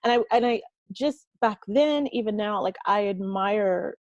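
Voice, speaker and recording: A woman in her thirties, a podcast guest who works as a teacher, talking warmly and emotionally with a friend and laughing often. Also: mid-range voice, measured pace, no room sound, muffled recording. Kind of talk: casual chat.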